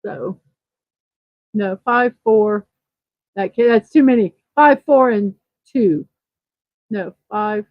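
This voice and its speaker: A woman's voice: mid-range voice, slow pace, pauses often, no room sound, lo-fi sound. A woman hosting a casual livestream morning show, chatting, reading viewer comments aloud and fumbling a little with numbers.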